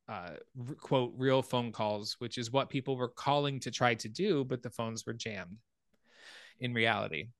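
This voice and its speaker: Man, podcast host, animated film recap, mid pitch, dry sound. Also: dry recording. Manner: animated retelling of a plot.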